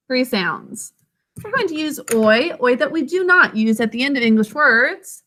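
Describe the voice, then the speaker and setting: A woman's voice: sits high, lively intonation, moderate pace, sharp tone. A woman teaching a reading and spelling lesson over a video call, sounding out words syllable by syllable and encouraging her pupils.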